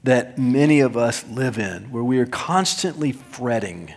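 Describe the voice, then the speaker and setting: A man preaching a sermon as pastor, emphatic, swinging between loud stressed words and soft low asides, with touches of self-deprecating humor. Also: animated, unhurried. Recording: long hall reverb.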